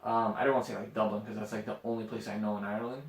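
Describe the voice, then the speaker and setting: A man co-hosting a podcast, telling stories in a loose, profane, animated way. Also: on the low side, very fast. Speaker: podcast co-host. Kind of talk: casual chat. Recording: echoey room, mic at a distance.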